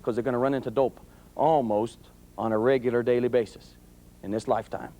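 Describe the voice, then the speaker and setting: A man's voice: medium pitch, fairly even intonation, fairly quick. A middle-aged man, a police sergeant, giving a motivational talk to parents, with an emphatic, repetitive, preacher-like cadence and folksy storytelling. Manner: folksy storytelling, bursts of yelling when acting out anecdotes.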